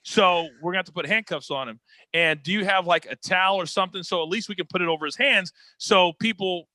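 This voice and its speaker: A man's voice: sits high, quick pace, bright, forceful tone, no room sound. A man doing a polite apologetic trooper. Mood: polite apology.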